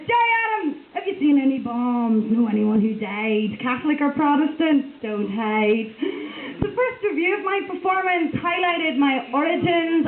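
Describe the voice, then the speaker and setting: A woman with a Northern Irish accent, performing her own rhyming spoken word poetry at a bar gig, with chatty asides between poems. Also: high-pitched. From Northern Ireland. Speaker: performance poet. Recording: echoey room on a tinny lo-fi recording.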